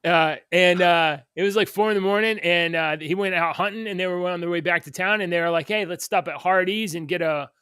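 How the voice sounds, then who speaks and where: A man with a bright, fairly high voice co-hosts a casual morning talk show. He reads the news aloud in a joking way and laughs easily. The sound is close and dry. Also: fairly quick, few pauses, clean tone, dry recording. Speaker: co-host.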